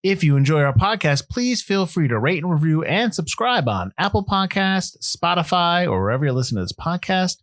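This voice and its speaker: A man's voice: a little high, very animated, brisk, few pauses, a bit bright, dry recording, studio quality. A man co-hosting a casual film podcast, joking and laughing as he runs through release dates and box office figures. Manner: jokey, laughs often, reads release facts. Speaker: podcast co-host.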